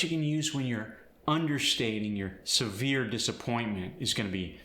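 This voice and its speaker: A man's voice: mid-range voice, normal speed, hardly any pauses, bright, forceful tone, echoey room. A man teaching an accent, explaining sounds and demonstrating example phrases. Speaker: accent coach. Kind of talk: scripted accent lesson.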